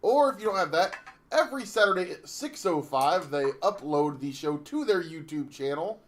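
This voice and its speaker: A man's voice: fairly high pitch, lively intonation, normal speed, a bit bright. A man co-hosting a casual wrestling podcast, rambling through the card with lots of fillers and easy laughs. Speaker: podcast co-host.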